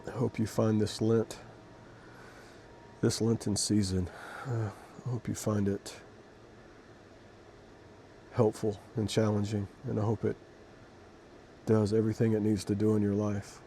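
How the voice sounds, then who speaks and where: A man reading scripture and then reflecting on it in an emotional, halting way, with many restarts. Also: fairly low pitch, level tone, warm tone, a little hiss or hum. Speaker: Christian devotional video host.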